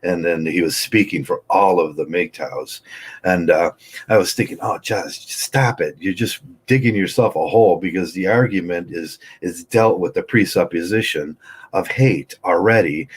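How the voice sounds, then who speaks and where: A man in his sixties talking in a rambling, argumentative, unscripted monologue, halting often. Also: low voice, husky. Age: 60s. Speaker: vlogger.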